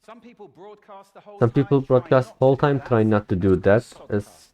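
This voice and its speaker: A young man whose first language is Turkish, shadowing a recorded speech aloud in English, with careful, deliberate delivery and occasional slips. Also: medium pitch, warm tone, poor audio. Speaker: language learner.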